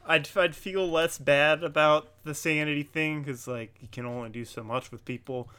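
A man co-hosting a casual wrestling podcast, laid-back and halting, often chuckling. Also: a little high, steady tone, pushed and bright, clean tone. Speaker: podcast co-host.

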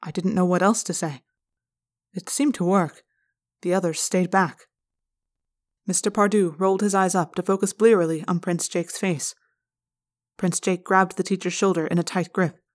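A woman narrating a fan read-aloud chapter in an expressive style, recorded in a hotel room. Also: lowish voice, normal speed, pauses often.

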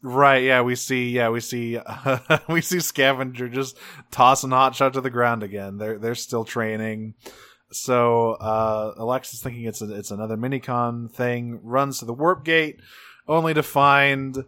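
A man co-hosting a casual podcast recap. His voice sits at an ordinary middle pitch, and he talks in a loose, animated way. He swears freely and jumps into exaggerated, raised character voices. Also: unhurried. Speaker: podcast co-host.

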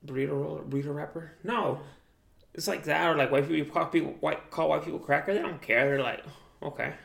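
A man's voice: a little high, quick pace, gravelly, a bit bright. A young man chatting casually with a friend, rambling and slangy, full of "like" and "dude". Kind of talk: casual chat. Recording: echoey room.

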